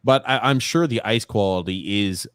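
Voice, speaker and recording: A man co-hosting a live hockey watchalong podcast, excitably reacting to plays and reading out viewer comments. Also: lowish voice, moderate pace, smooth, no room sound, clean studio sound. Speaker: podcast co-host.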